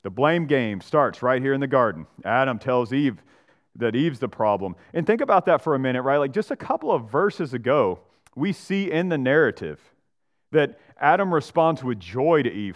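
Male pastor, mid-pitched voice, casual preaching style, slips into quick voices for the people in the story. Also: sing-song. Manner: conversational preaching with frequent "right?" and "like"; acts out Bible characters and church members in voices. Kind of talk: expository sermon.

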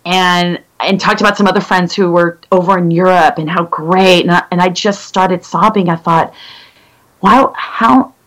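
Candid, halting woman in her fifties. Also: on the low side, flat delivery, fairly bright tone, rough recording. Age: 50s. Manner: candid, halting, many fillers and restarts. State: legally blind. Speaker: interview guest. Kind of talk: personal story in conversation.

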